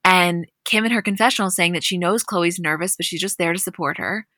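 A young woman chatting through a reality-show recap, her voice bright and a touch low, close and dry with no room sound. She tells the story in a lively, animated way, slipping into quick quoted asides. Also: no room sound. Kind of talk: casual chat recap.

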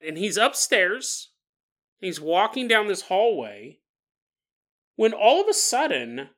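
A man's voice: high voice, pushed and bright. A man hosting a paranormal storytelling podcast, chatty and laughing often as he tells the tale. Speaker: podcast host.

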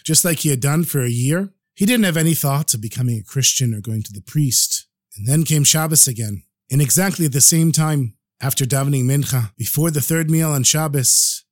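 A man narrating a story for a podcast in a lively, animated way. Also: fairly high pitch, dry recording, clean studio sound.

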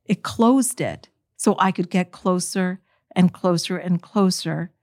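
A middle-aged woman telling her own story to an audience, emotional and animated, speaking straight to her listeners. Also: lowish voice, slow pace, no echo, clean studio sound. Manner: animated, emotional, direct address.

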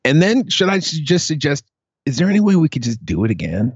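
A man's voice: fairly high pitch, very animated, fast talker, slightly rough, no room sound, lo-fi sound. A man co-hosting a casual podcast chat, talking frankly with frequent swearing and stumbling restarts. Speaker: podcast co-host.

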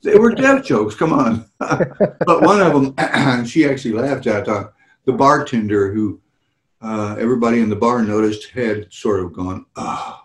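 Male celebrity host, lively laughing storyteller, video call audio in an echoey room. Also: mid-range voice, moderate pace. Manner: animated, laughs often, acts out voices in anecdotes. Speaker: celebrity hosting fan meet and greets. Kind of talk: casual storytelling chat.

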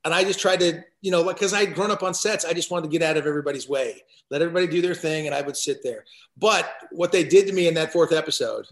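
A man guesting on a chatty podcast, his voice a touch high and full of gravel. He tells his stories with energy, and he keeps tripping over and restarting his sentences. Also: quick pace, echoey room. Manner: chatty, animated storyteller with frequent restarts. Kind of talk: casual chat, storytelling.

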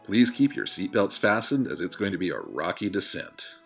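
A man's voice: low-pitched, sing-song, normal speed, vocal fry, soft background music, heavily acted. A man voicing a male airline captain making formal announcements in an audiobook reading.

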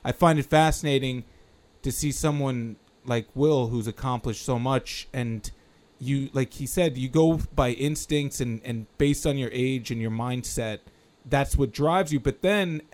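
A man's voice: medium pitch, unhurried, darkish tone. A man co-hosting a casual podcast chat, reflective and heavy on fillers. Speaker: podcast co-host.

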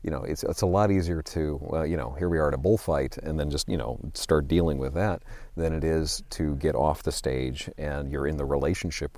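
A man's voice: extremely low pitch, dark tone, no echo. A man in his sixties, an interview guest telling stories about his career in a rambling, self-deprecating way. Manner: rambling, self-deprecating, with many fillers and restarts. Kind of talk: conversational interview.

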